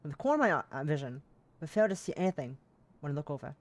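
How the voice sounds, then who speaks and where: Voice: medium pitch, big pitch swings, quick pace, a little mellow. Casual live streamer narrating a game, self-mocking and profane. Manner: swears freely, laughs at own slips. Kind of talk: reading a visual novel aloud on stream.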